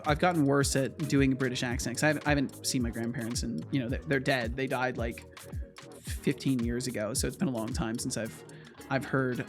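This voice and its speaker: A man from the United States chatting casually with his live-stream audience, rambling, repeating words and laughing often. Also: medium pitch. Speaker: streamer and game developer.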